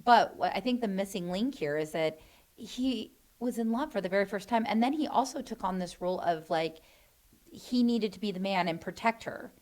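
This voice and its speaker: A woman's voice: mid-range voice, expressive, moderate pace, a little mellow. A middle-aged woman with a mid-range voice talks earnestly about her son. She sounds reflective and considered, stopping to explain herself as she goes. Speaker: interview guest, mother. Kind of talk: earnest conversation.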